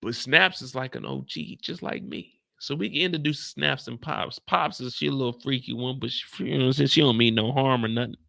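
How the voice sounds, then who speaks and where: A man hosting a casual recap of a TV episode, ranting in an animated, profane, slang-heavy way. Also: mid-range voice, a little fast, vocal fry, hardly any pauses, no echo. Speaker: TV show recap host.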